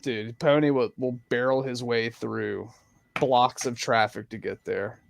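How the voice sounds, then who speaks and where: A man's voice: mid-range voice, fairly even intonation, a little slow, creaky, slight background noise. A man co-hosting a casual sports chat, joking and swearing. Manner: laughs often, joking and profane. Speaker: podcast co-host.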